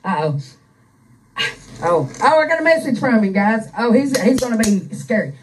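A woman's voice: a little high, very animated, normal speed, distant mic, slight background noise, poor audio. Mocking woman ranting crudely, off-mic. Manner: mocking, crude, laughs often. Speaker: streamer ranting at an online troll. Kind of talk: profane casual rant. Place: on a couch at home. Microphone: handheld microphone.

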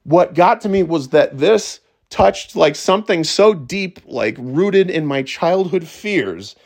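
A middle-aged man talking casually as a podcast host, excitable and stumbling over restarts, swearing freely. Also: a little high, slow, vocal fry. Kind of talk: casual monologue.

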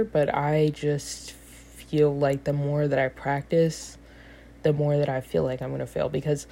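A young woman in her late teens speaks in a low, mellow voice. She rambles casually to the camera and leans on constant fillers. Her asides are self-deprecating. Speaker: student with a part-time job.

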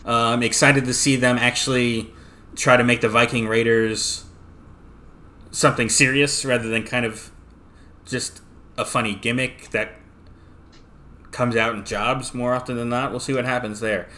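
Male podcast co-host, mid pitch, bright voice, easygoing and hesitant. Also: steady tone, measured pace, pauses often. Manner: easygoing, hesitant, lots of fillers. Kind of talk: casual wrestling chat. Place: apartment.

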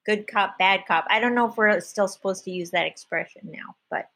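A woman's voice: mid-range voice, brisk, bright, forceful tone. A woman from the United States with Indian immigrant parents, a comedian guest in casual podcast chat, laughing often and hedging her remarks. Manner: chatty, laughs often, self-qualifying asides.

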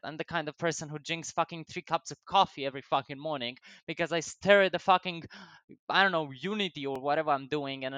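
A man's voice: on the high side, bright, forceful tone, no room sound. A young man with a non-native English accent telling rambling, profane stories about his life, often laughing and digressing. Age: young adult. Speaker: vlogger. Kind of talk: rambling casual storytelling.

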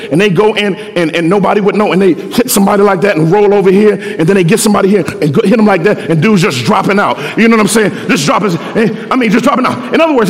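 A middle-aged man preaching a sermon in a slangy, animated way, often repeating words. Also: sits high. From Philadelphia. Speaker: pastor. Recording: echoey hall.

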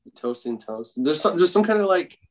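A man's voice: on the high side, sing-song, fairly quick. A man from Canada, a guest in a casual podcast chat, who talks bluntly and swears freely.

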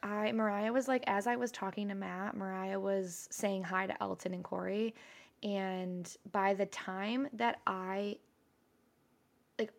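Gravelly young woman telling a story. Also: medium pitch, a little slow. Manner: chatty, swearing freely, animated storytelling. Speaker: podcast co-host. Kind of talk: casual chat.

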